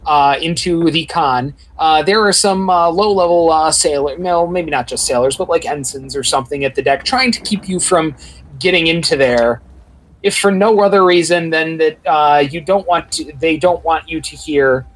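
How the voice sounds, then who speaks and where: A man runs a tabletop game as game master and narrates with plenty of ums and uhs. He rambles and corrects himself as he goes, in a slightly high voice. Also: moderate pace, a bit bright, rough recording. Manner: rambling, many filler words.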